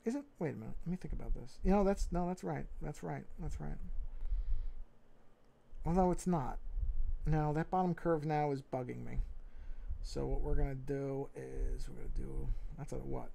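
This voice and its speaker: Gravelly New York man thinking aloud. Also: fairly high pitch, moderate pace, a little hiss or hum. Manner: talks to himself, muttering and repeating phrases; relaxed, self-correcting. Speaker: livestreaming artist. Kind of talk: casual think-aloud commentary while drawing.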